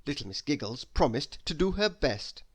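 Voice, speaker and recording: A man reads a bedtime story with a lively, bouncing pitch that sits a touch above the usual. He keeps the telling animated and turns to ask the young listener questions. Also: normal speed, breathy edge. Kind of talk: bedtime story read-aloud.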